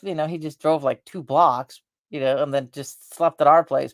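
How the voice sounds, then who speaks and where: A middle-aged woman rambling through family stories in a casual, animated vlog chat. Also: low voice, moderate pace, no echo, clean studio sound. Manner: rambling, animated, talks with her face. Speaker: vlogger.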